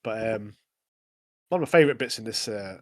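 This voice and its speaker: A man's voice: lowish voice, expressive, a little fast. A young man co-hosting a podcast, retelling scenes in a rambling, laughing casual chat. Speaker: podcast co-host.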